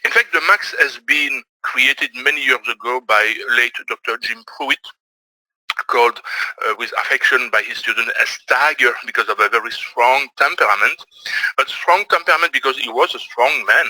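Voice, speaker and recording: A middle-aged man from Belgium with a Belgian French accent, giving a webinar presentation and pausing often on fillers. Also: medium pitch, pushed and bright, no room sound, rough recording. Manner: hesitant, many fillers. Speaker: trading presenter.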